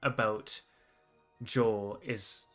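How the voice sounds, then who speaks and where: A man running a tabletop fantasy game as game master, narrating casually and haltingly with many fillers. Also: fairly low pitch, fairly even intonation, fairly bright tone, soft background music.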